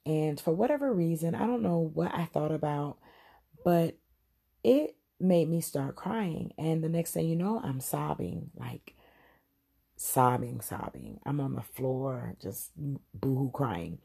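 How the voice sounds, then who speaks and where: Slow, gravelly-voiced woman sharing testimony. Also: sits low, expressive, dark tone. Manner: heartfelt, speaks straight to listeners. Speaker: podcast host. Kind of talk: personal testimony.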